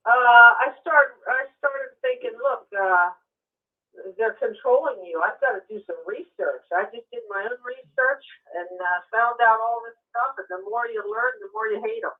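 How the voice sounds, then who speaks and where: A woman's voice: on the high side, moderate pace. Blunt Pennsylvania woman on a phone line. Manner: blunt, emphatic, scornful. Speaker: caller. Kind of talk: phone call to a talk show. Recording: tinny phone line, distant.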